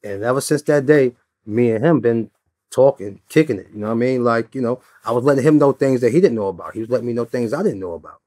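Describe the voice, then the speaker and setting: A man's voice: mid-range voice, expressive, fast, a little mellow, no room sound. Laid-back man telling stories, dry sound. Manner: laid-back, peppered with "you know what I'm saying". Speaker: interview guest. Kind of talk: casual storytelling interview.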